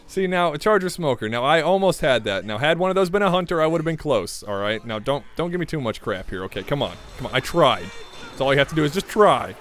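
Young male gameplay commentator, sardonic and muttering, lively slightly raised voice, close pop-filter mic. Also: a little high, quick pace. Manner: sardonic, mutters to himself, swears freely. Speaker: gaming video creator. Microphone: pop filter studio mic.

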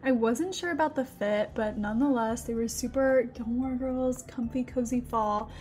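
A young woman from Texas chats in a bubbly, gushing way, exclaiming often. Her voice sits high. Music plays clearly underneath her. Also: a little mellow. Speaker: thrift vlogger. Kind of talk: excited casual vlog chat and voice-over. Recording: music playing behind the voice.

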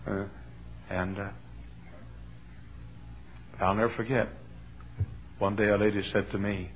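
A man preaching a sermon from his pulpit, telling a story and building to shouted fervor. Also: fairly low pitch, level tone, unhurried, pauses often, faint music behind. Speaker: pastor. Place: church sanctuary. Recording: tinny phone-like old sermon tape.

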